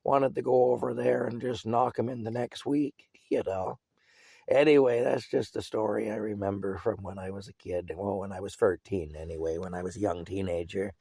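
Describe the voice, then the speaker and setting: A man's voice: on the low side, fairly even intonation, normal speed, gravelly, dark tone, slightly rough, dry recording, studio quality. An older man telling a rambling childhood story in a casual vlog, chuckling often and leaning on fillers like "you know". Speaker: vlogger.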